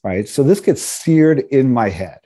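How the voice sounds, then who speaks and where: A man's voice: mid-range voice, lively intonation, a little slow, mellow. A man from New York, an interview guest, telling personal stories in a casual, humorous way and acting out the voices of people he quotes. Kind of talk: casual storytelling.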